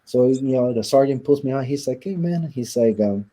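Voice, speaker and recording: A man's voice: medium pitch, steady tone, fairly quick, dark tone. A man being interviewed, telling a personal story and acting out the lines of the people in it. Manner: recounts events by acting out quoted dialogue. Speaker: interview guest.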